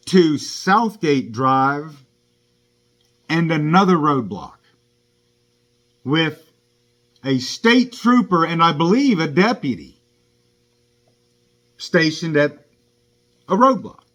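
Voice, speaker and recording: A man's voice: a little high, fairly bright tone. A man who drives for a rideshare service, giving an indignant first-person account of a run-in with police. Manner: indignant, aggrieved storytelling.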